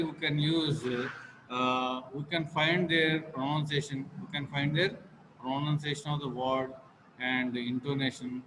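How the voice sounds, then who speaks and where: Male teacher, halting repetitive lecture, room hiss in the background. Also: fairly high pitch, long reverb tail. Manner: repetitive, halting with many fillers. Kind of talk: classroom lecture. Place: classroom.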